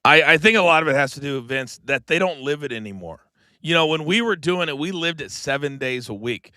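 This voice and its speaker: A middle-aged American man co-hosting a podcast, telling a story in a casual, animated way and acting out the quoted lines. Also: fairly high pitch, fairly quick, no echo. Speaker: podcast co-host.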